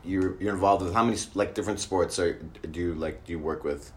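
A male host with a very deep voice, asking loose, winding questions in a friendly chat. He circles back, restarts and piles on fillers before landing his point. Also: steady tone, brisk. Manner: rambling, many fillers and restarts. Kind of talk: casual conversation.

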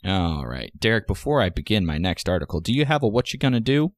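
A man co-hosting a casual comedy podcast, bantering and teasing with quick incredulous questions. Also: lowish voice, big pitch swings, no room sound, studio quality. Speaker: podcast co-host.

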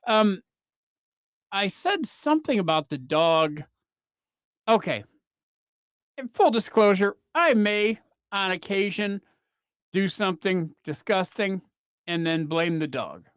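A man rambles through a comic podcast monologue, his pitch leaping up and down with lively energy. He breaks into quick mock voices here and there. The sound is dry and close, with no room around it. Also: clean tone, no room sound. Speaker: podcast host. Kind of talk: comedic monologue.

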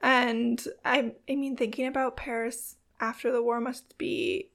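A woman's voice: a little high, flat delivery, measured pace, vocal fry, fairly bright tone. A young woman co-hosting a casual chat, enthusiastic and full of fillers. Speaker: co-host.

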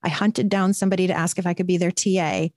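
A woman in her forties, a podcast guest, telling a personal story in an earnest, animated way with quick bursts. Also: lowish voice, no room sound, studio quality. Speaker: podcast guest, purpose coach. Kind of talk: conversational storytelling.

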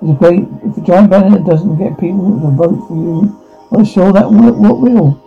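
A man's voice: high voice, moderate pace, creaky, slightly rough, faint music behind. A man reading all parts of a teen drama scene aloud, speaking the sound cues between the lines, on a dull lo-fi recording.

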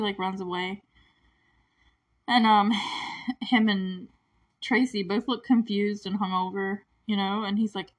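A woman's voice: medium pitch, steady tone, normal speed. A woman casually recapping a movie plot, chatty and giggly, with constant "like" fillers. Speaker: movie reviewer. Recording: voice a bit distant from the mic.

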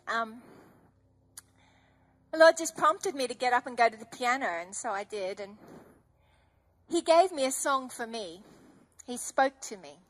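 A woman's voice: high-pitched, fairly bright tone. A middle-aged woman preaching an emotional, earnest testimony sermon. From Australia.

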